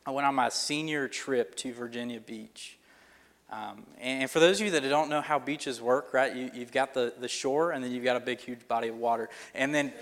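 A man's voice: medium pitch, moderate pace, fairly bright tone. Pastor guy telling a story in his sermon, chatty and rambly, big echoey church hall. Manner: conversational, rambling with fillers and restarts. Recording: long reverb of a hall.

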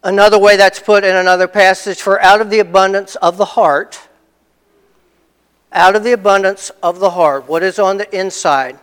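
A man's voice: high-pitched, fairly even intonation, normal speed, a bit bright, smooth. A man preaching a conversational sermon as a pastor, telling personal stories and repeating phrases for emphasis. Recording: long reverb of a large hall.

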